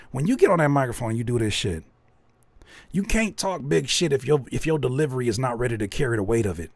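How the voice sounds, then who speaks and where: A man's voice: mid-range voice, fast talker, no room sound. A man hosting a live music feedback stream who speaks bluntly and emphatically and jokes as he critiques. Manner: emphatic, animated, blunt, joking. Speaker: host giving music feedback.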